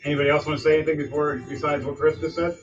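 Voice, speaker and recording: A man narrating as game master for a tabletop game, dramatic and animated. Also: on the high side, racing, muffled recording, slight background noise.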